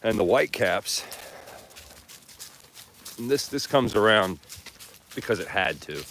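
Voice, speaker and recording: A man's voice: lowish voice, lively intonation, slow pace, fairly bright tone, slight background noise. A man musing aloud to his viewers outdoors while walking with his dogs. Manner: laid-back, musing, talks to his dogs. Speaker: vlogger. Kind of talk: rambling outdoor chat.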